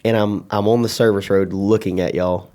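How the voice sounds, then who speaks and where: A man's voice: lowish voice, steady tone, moderate pace, mellow. A man, co-hosting a casual podcast, rambling with restarts and chuckles. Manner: rambling, repeats words, chuckles. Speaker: podcast co-host. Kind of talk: casual chat.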